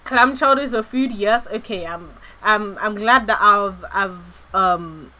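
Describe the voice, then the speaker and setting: Bright-voiced giggly woman streamer. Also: mid-range voice, unhurried. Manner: rambling, giggly, swears casually. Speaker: VTuber streamer. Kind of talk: casual livestream chat.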